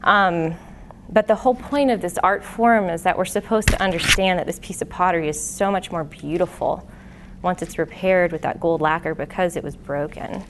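A woman's voice: on the low side, moderate pace, noisy background. A woman in her late twenties giving an earnest, conversational testimony to a live church audience, with many fillers and restarts. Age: late 20s. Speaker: lay speaker giving a testimony teaching. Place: live venue before an audience. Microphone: handheld or stand microphone.

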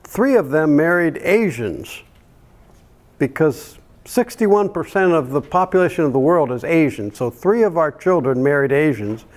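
An older man preaching a sermon, telling homely family stories and chuckling softly now and then. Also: a little high, expressive, measured pace. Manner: homely anecdotes with frequent soft chuckles. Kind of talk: storytelling sermon.

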